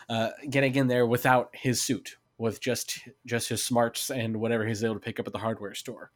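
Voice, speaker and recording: Chatty man debating a film. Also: mid-range voice. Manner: enthusiastic, restarts often, quotes lines. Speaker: podcast co-host. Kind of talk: casual film discussion.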